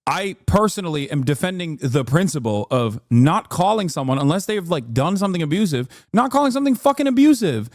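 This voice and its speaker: A man's voice: very animated, brisk, hardly any pauses, no room sound, studio quality. Profane, exasperated man ranting on stream. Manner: exasperated, profane ranting with sudden pitch jumps. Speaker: political streamer. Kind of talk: live-stream reaction commentary.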